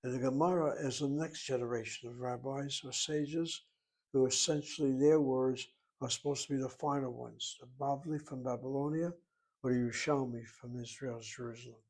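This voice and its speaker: A man teaching Hebrew in a relaxed lecture, explaining terms patiently and asking rhetorical questions along the way. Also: mid-range voice, normal speed.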